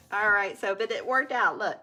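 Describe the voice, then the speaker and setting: A woman's voice: mid-range voice, sharp tone. A woman hosting a casual live craft stream, chatting to viewers and laughing often. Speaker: craft livestream host.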